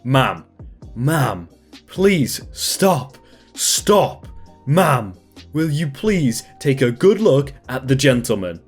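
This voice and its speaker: A calm restaurant manager speaks politely but firmly in a storybook reading, as the narrator voices him. His voice moves expressively while staying patient, with faint music underneath. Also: mid-range voice, very slow, slightly rough, full character voice. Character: calm, firm male restaurant duty manager.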